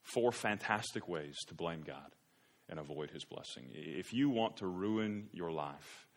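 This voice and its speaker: A man preaching a sermon as pastor, animated, often raising his voice to mock the voices of complainers. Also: sits low, measured pace.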